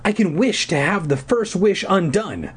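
A man voicing a panicky, whiny schoolgirl narrator in a mock-melodramatic squeak. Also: lively intonation, a little slow, husky, full character voice. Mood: frantic.

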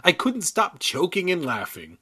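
A man's voice: high voice, wildly swooping pitch, a little slow, pushed and bright, husky. A man reading a children's book aloud and breaking off into crude, irreverent comic asides. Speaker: comedic reader. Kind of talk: comedic book reading with riffs. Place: San Diego.

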